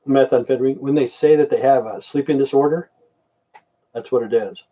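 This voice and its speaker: A man's voice: medium pitch, brisk, dark tone, far from the mic. An older man hosting a casual livestream, rambling in blunt, profane rants. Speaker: livestream host.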